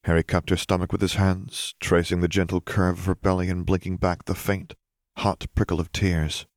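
A man narrating a romance story in a steady, even reading voice. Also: low-pitched, normal speed, no room sound, clean studio sound. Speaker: audiobook narrator. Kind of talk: fan fiction reading.

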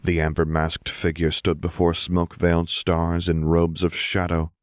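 A man reading story narration in a steady, measured voice. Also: sits low, dry recording, studio quality. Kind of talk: scripted narration of fan fiction.

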